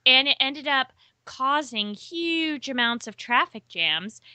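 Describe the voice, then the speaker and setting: A woman co-hosting a podcast with a very bright, slightly high voice. She talks in a chatty, casual way, laughs easily and reels off statistics. The sound is dry and close. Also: expressive, slow, smooth, no room sound. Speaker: podcast co-host. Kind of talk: casual chat.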